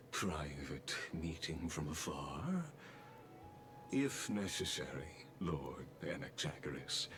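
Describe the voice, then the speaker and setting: A man's voice: very deep voice, heavily acted. An actor playing a courteous, oily male councillor in a game, formal and scheming. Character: smooth scheming male elder councillor, chuckling. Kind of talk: video game voice acting.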